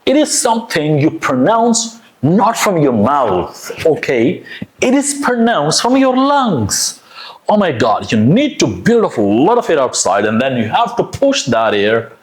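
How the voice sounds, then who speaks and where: A man teaching pronunciation in an enthusiastic lesson, demonstrating sounds with breathy pushes of air and phrasing. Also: on the high side, very animated, unhurried.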